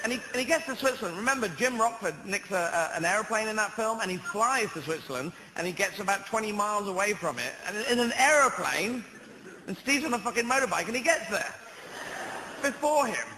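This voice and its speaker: High-voiced British comedian, rambling and surreal. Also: male voice, animated, sharp tone, rough recording. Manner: rambling, surreal, quick asides. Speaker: stand-up comedian. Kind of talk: stand-up comedy routine. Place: stage before a live audience. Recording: live stage recording with crowd noise.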